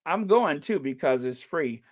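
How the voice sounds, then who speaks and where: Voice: medium pitch, animated, unhurried. A middle-aged channel host chatting casually on a livestream, playful and given to mock outrage.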